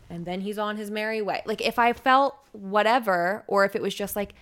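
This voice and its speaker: A woman's voice: medium pitch, fairly quick, few pauses, fairly bright tone, clean tone. A young woman in casual podcast conversation, telling a long-winded story and acting out the people in it. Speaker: podcast guest, radio personality.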